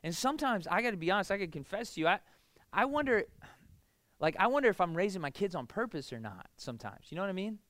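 A man's voice: sits high, sing-song, fast, a bit bright, no room sound. A man in his thirties preaching a casual sermon, talking in a conversational way, often asking "why?" and "right?". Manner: conversational, lots of "like" and "right?", rhetorical questions. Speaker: pastor.

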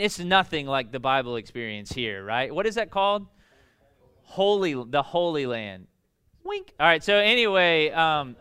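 A young male pastor with a high, bright voice rambles cheerfully through a sermon, dropping jokes and side stories. His tone is clean and smooth, with plenty of "like" and "um" along the way. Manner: jokey, rambling, full of fillers and asides. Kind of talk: casual conversational sermon.

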